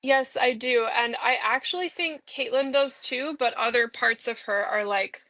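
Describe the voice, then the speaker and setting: A woman's voice: on the high side, normal speed, sharp tone, no echo. A young woman in playful, bubbly parts-work role-play, speaking as an inner part of herself and filling her talk with "like.". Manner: playful and bubbly, many filler "like"s.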